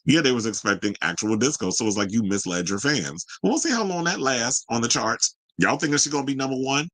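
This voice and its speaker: A man's voice: medium pitch, lively intonation, a little fast, a bit bright, low-quality recording. A man hosting a casual solo pop culture commentary show, chatty and sassy with rambling asides.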